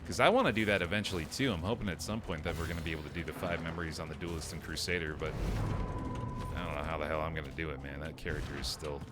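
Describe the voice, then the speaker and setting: A streamer chatting casually while playing a game live, answering chat and thinking aloud. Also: male voice, extremely low pitch, racing. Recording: loud game music behind.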